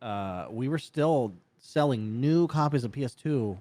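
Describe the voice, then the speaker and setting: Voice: mid-range voice, lively intonation, measured pace, warm tone. A podcast co-host chatting casually, joking, laughing often and swearing freely. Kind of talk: casual chat.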